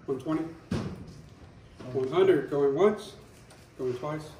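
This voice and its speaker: A man's voice: a little high, slow pace, distant mic, background noise. A man working as an auctioneer, calling out bids in short, clipped questions. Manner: short clipped bid calls. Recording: echoey, from afar, with crowd.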